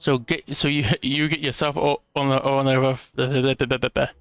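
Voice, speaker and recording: A man's voice: medium pitch, level tone, moderate pace, clear, resonant tone, no echo, faint music behind. A man streaming a game, reading dialogue aloud with stumbling, self-mocking asides.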